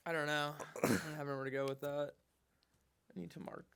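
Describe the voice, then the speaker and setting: A man's voice: a little high, fairly even intonation, fast talker, creaky, fairly bright tone, a little hiss or hum. A young adult man co-hosting a podcast in casual chat, cracking crude jokes and saying dude a lot. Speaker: podcast co-host.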